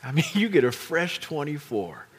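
A man preaching a sermon as pastor, animated and emphatic, with playful asides to his congregation. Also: fairly high pitch, moderate pace.

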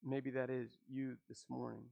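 A man preaching a sermon, asking rhetorical questions and dropping his voice low at the ends of phrases. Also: little pitch movement, normal speed, creaky, lo-fi sound. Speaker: pastor.

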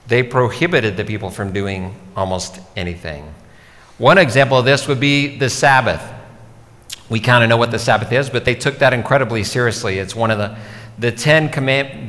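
Male pastor, mid-pitched, conversational sermon delivery, long hall reverb. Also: a bit bright. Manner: conversational, explanatory preaching.

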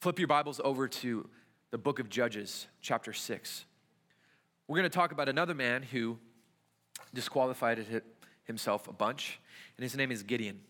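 A man's voice: medium pitch, moderate pace, pauses often, fairly bright tone. A young adult man, a youth pastor, preaching a conversational sermon full of rhetorical questions in a church. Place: church sanctuary. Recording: church hall reverb.

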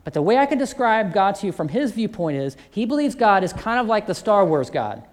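A man's voice: sits high, very animated, fairly quick. A man who teaches a church faith course, telling a testimony story and acting out both sides of the conversations.

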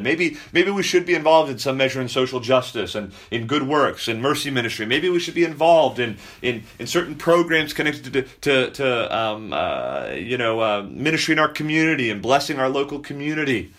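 A man, a pastor, preaching a sermon to his congregation, repeating key phrases slowly for emphasis and stopping to speak directly to the children. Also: medium pitch, a bit bright.

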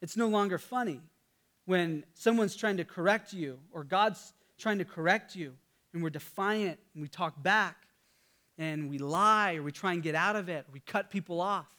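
High-voiced man preaching a sermon. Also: moderate pace, bright, forceful tone. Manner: conversational storytelling with fillers and restarts. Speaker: pastor.

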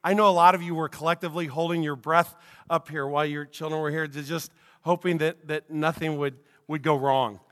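High-voiced pastor in a reverberant hall. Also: male voice, steady tone, a little fast, a bit bright. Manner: conversational storytelling with frequent restarts. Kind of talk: sermon with personal story. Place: church sanctuary. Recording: long reverb of a church hall.

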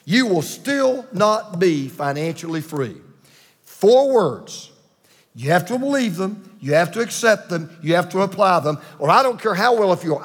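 A man preaching a sermon with emphatic repetition and dramatic pauses. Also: sits high, long reverb tail. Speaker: pastor.

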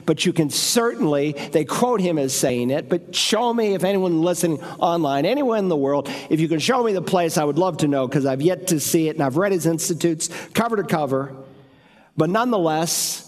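A man with a notably high voice preaches a sermon, his phrases rising in a sing-song lilt and acting out little voices in his stories. His words ring with the long reverb of a large church sanctuary. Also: animated, moderate pace. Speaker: pastor.

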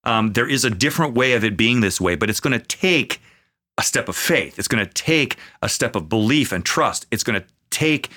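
A man speaking as a pastor in a conversational podcast, earnest, with many fillers, slowing into a preaching cadence at times. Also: medium pitch, expressive, sharp tone. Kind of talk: conversational podcast talk on faith.

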